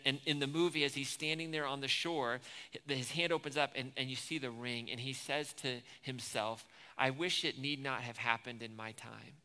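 A man's voice: medium pitch, bright, forceful tone, clean tone. A man preaching a sermon, retelling movie scenes and acting out the characters' lines with rising intensity. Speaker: pastor. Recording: long hall reverb.

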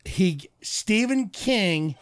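A man's voice: high voice, animated, drawn-out words, no room sound, studio quality. A man co-hosting a podcast in casual chat, joking crudely and rambling as he runs a movie trivia quiz.

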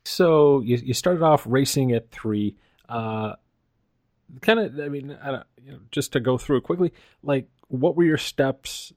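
Laid-back dude-talking podcast host. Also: male voice, medium pitch, a little slow, darkish tone, no room sound, clean studio sound. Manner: laid-back, says dude, rambling questions. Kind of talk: casual interview chat.

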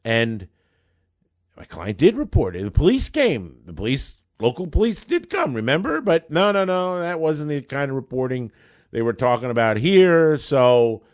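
A man who is a lawyer telling a case story in an animated, conversational way, acting out the dialogue. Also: medium pitch, normal speed. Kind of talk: storytelling monologue.

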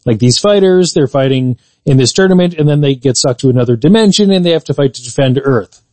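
A man co-hosting a podcast, chatting casually about games and movies in a measured, explanatory way. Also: medium pitch, animated, darkish tone, no room sound. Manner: measured, explanatory, fond of qualifiers. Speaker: podcast co-host.

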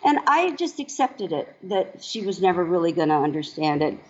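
A woman in her sixties, a longtime dancer, telling her story in an interview in a reflective, halting way with many pauses and fillers. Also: on the low side, big pitch swings. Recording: dull lo-fi sound.

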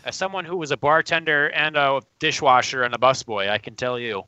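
A man co-hosting a casual podcast, with a bright, tense, crisp voice. He asks pointed questions and makes dry remarks. The sound is close, dry and a little lo-fi. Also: medium pitch, fairly quick, no room sound. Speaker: podcast co-host. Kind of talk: casual comedic podcast chat. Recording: slightly dull lo-fi sound.

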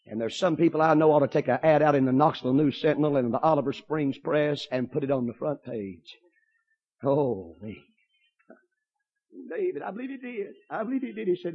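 A man preaching a fiery storytelling sermon, bursting into shouts and exclamations. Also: mid-range voice, lively intonation, a little fast, slightly rough, dull audio.

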